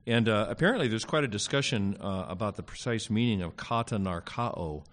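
A man teaching a Greek grammar class in a casual lecture, pausing often with fillers and dropping wry asides. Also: fairly low pitch, animated, fairly bright tone.

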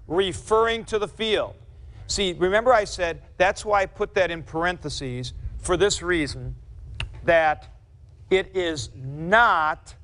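A man lecturing a class on grammar, with a fairly high voice. He speaks slowly, repeats his key points and stops to correct himself. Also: a bit bright. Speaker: Greek teacher.

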